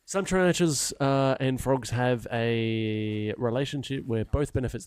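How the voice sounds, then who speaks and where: A young man chatting casually while streaming a game, rambling and swearing with animated wonder. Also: mid-range voice, smooth, no room sound. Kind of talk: casual chat while gaming.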